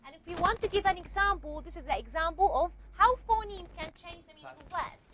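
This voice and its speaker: A woman's voice: extremely high pitch, expressive, fast talker, fairly bright tone, dull audio. A woman teacher giving a classroom lecture, explaining step by step and often checking with the class.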